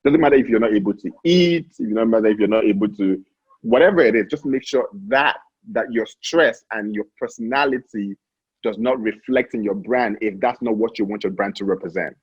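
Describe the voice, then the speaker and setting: A young Nigerian man, a founder being interviewed, shares casual stories with energy, full of restarts and stammered repeats. His fairly low, slightly rough voice moves fairly quickly, recorded lo-fi without echo.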